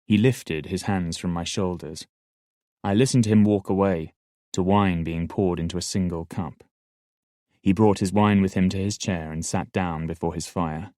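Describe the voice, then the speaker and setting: Male audiobook narrator, very low voice, steady read, dry close sound. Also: normal speed, no room sound. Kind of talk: scripted narration.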